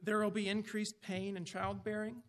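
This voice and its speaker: High-voiced preacher in a reverberant hall. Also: male voice, level tone, moderate pace, a bit bright. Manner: earnest, emphatic, asks the listeners direct questions. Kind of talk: sermon.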